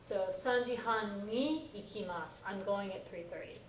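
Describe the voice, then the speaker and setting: There's slight background noise in this far-off, echoey classroom recording. A Japanese language teacher with a mid-range voice and moderate pace teaches grammar, regularly asking "okay?" and "right?" to patiently check the class is keeping up.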